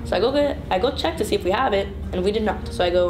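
A woman's voice: mid-range voice, lively intonation, racing, hardly any pauses, reverberant, background noise. A teenage girl dryly recounting a retail story with sarcastic asides. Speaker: student retail worker. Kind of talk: casual anecdote.

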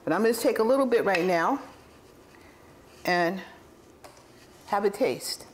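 A woman's voice: mid-range voice, animated, a little slow, slight background noise. A woman hosting a casual home-cooking video, chatty and rambling, often correcting herself mid-sentence and chuckling as she tastes the food. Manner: warmly enthusiastic about the food, chuckling. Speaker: cooking channel host.

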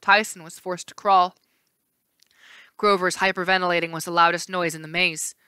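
A woman teacher reading a novel aloud in a steady storytelling voice with small slips. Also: lowish voice, moderate pace, smooth, no echo.

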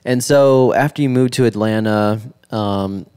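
A man hosts a relaxed podcast conversation about how his guest got into his line of work. His voice sits on the low side. He asks easygoing questions and keeps the talk moving with short yeahs and mm-hmms. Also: measured pace, clear, resonant tone. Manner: easygoing, with frequent short backchannels. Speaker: podcast host. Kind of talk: casual interview chat.

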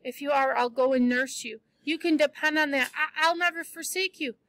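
A woman's voice: sits high, moderate pace, a bit bright, a little hiss or hum. Woman reading as a pleading, talkative young girl. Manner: pleading, tumbling breathless restarts. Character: talkative imaginative girl in distress.

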